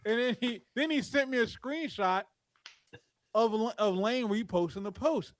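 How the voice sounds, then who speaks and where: A man hosting a podcast, telling a story in excited casual chat with stammering restarts and swearing. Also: high voice, a little slow, dry recording. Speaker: podcast host.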